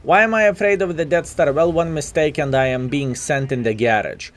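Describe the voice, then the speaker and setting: A native Lithuanian speaker with a Lithuanian accent, this gaming commentator chats through live gameplay and calls his viewers "fellas." His voice is on the high side and brisk, yet he comes across a bit sleepy.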